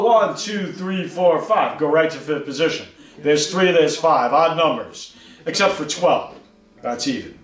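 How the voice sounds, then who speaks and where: A man's voice: a little high, a bit bright, echoey room, distant mic. A man teaching guitar on a live stream, coaching step by step and often checking in with "right?" and "see that?". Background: guitar playing.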